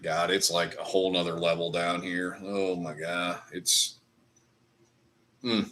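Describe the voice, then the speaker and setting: Over whiskey on his livestream, a middle-aged host chats casually, rambling and ranting with plenty of profanity. His deep voice is a bit bright, his delivery flat and unhurried.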